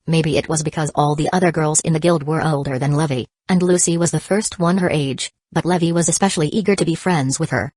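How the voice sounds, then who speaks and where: A woman narrating a fantasy audiobook in an even, measured reading. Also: low voice, breathy edge, dry recording. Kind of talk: scripted narration.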